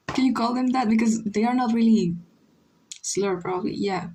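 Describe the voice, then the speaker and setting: A woman's voice: mid-range voice, normal speed, a little mellow, husky, poor audio. A young woman streamer chatting casually while she draws, rambling and teasing and slipping into Spanish now and then. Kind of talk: casual livestream chat while drawing.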